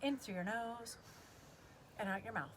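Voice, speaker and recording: A woman's voice: a little high, a little slow, slight background noise. A woman leading a guided kids yoga class, cueing poses in an upbeat, playful way and making animal sounds.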